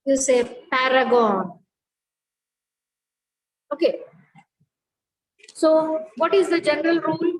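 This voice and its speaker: Woman, high voice, phonetics lecture, step-by-step explaining. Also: steady tone, measured pace, pauses often, darkish tone, rough recording. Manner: explains step by step, checks understanding. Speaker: teacher.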